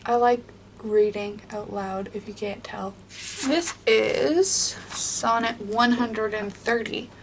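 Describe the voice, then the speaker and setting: A woman's voice: fairly high pitch, takes it slowly, slight background noise. A woman vlogging in a casual, rambling way, chatting and then reading poems aloud. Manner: chatty, rambling with many likes.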